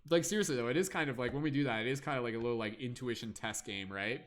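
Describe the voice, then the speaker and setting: A talkative man hosting a live stream, loose and playful as he chats straight to his viewers. He hums little filler tunes in the pauses, and his voice sits in an ordinary middle pitch. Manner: chatty, playful, hums and scats while waiting. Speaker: livestream host. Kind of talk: casual livestream chat.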